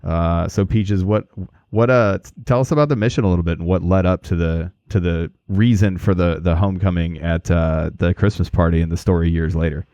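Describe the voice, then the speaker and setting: A man's voice: low voice, steady tone, fairly quick, hardly any pauses, warm tone, no echo, muffled recording. A man hosting a podcast, asking guests about a military mission in a chatty, joking way. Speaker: podcast host. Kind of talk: casual podcast interview.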